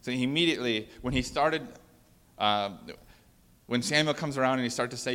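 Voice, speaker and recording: A man's voice: medium pitch, a little fast, fairly bright tone, clean tone, long reverb tail. A man preaching a casual sermon as pastor, talking conversationally with restarts and fillers.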